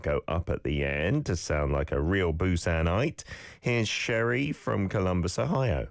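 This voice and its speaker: A man's voice: sits low, unhurried, creaky, dry recording, studio quality. A middle-aged man hosting a casual language lesson, chatty and explanatory as he reads out viewer comments. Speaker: language teacher and host.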